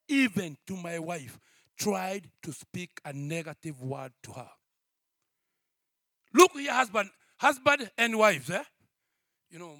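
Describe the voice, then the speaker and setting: A man, a pastor, preaching a sermon that moves from quiet storytelling to shouted exhortation, repeating phrases and calling out to his congregation. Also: fairly high pitch, dry recording, clean studio sound. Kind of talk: preaching a sermon with a personal testimony.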